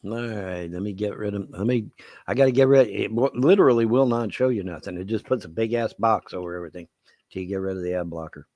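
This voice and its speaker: A man's voice: lowish voice, quick pace, darkish tone, no echo. A man hosting a live-stream commentary, rambling and sarcastic with crude language, on a close desk mic. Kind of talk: casual ranting commentary.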